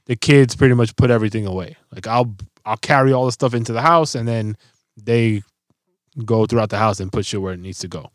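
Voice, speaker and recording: Middle-aged guy telling a funny family story, swears a lot, mid pitch, dead dry mic. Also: brisk, dry recording. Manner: profane, animated storytelling with voiced quotes. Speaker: podcast co-host. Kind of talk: casual storytelling chat.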